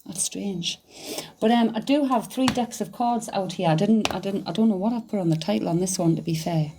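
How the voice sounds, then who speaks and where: A middle-aged woman, chatting casually on a livestream, excitable, laughing often and swearing freely. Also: mid-range voice, fairly quick, noisy background. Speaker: psychic medium livestreamer. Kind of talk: casual livestream chat reading comments.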